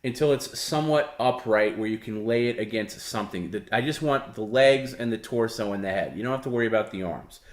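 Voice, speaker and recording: A man's voice: lowish voice, a little fast, hardly any pauses, roomy sound. A man hosting a live stream, patiently explaining the rules of a challenge in a casual way. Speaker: stream host.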